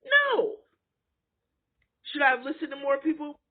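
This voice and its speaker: A woman's voice: fairly high pitch, moderate pace, breathy edge. A woman giving a blunt, profane, casual rant to camera, firing off rhetorical questions. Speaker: vlogger. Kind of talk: casual ranting monologue. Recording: phone-like lo-fi audio.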